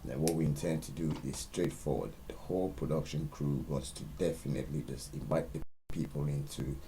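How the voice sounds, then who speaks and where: Very deep-voiced Nigerian man ranting. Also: steady tone, brisk, gravelly, a little hiss or hum, low-quality recording. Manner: emphatic, ranting, rising into loud outbursts. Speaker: host. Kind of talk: opinionated monologue.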